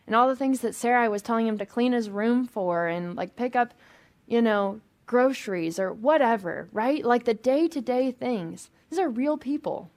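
A woman's voice: on the high side, lively intonation, normal speed, darkish tone. A woman pastor preaching a sermon in a conversational, emphatic way, with frequent restarts and asides.

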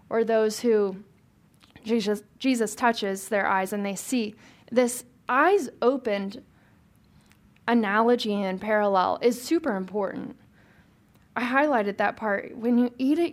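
Young woman teaching a bible study, chatty and loose, kinda high voice, keeps asking the group stuff. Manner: chatty and informal, asks the group questions, laughs easily.

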